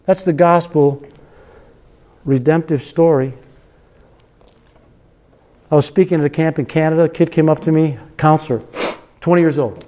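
A man preaching a sermon with passion, stretching key phrases slowly and breaking into a sung refrain. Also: a little high, warm tone. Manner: impassioned, sings a hymn refrain; drawn-out emphatic phrases.

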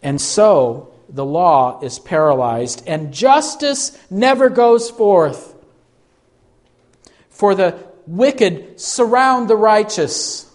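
A man preaching a sermon, slow and emphatic, pleading through rhetorical questions. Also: sits high, big pitch swings. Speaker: pastor.

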